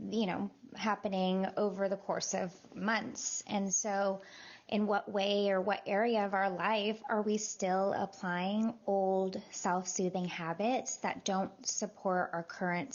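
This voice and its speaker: A woman astrologer talking casually in a voice note, chatty and full of fillers. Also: medium pitch. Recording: dull lo-fi voice note.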